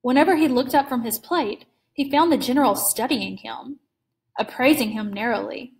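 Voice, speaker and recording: A woman reading a classic short story aloud in a measured, clear storytelling manner. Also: a little high, rough recording. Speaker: reader.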